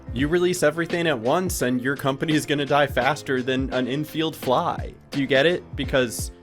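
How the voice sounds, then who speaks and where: A woman commenting on gameplay and narrating a video, excitable and joking, shouting when surprised. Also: extremely low pitch. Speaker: video essayist and gamer.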